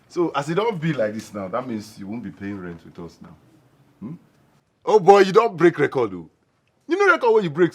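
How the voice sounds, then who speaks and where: A teasing young pidgin-talking guy. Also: on the high side. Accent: Nigerian Pidgin. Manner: joking, teasing, excitable. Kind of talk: film drama acting.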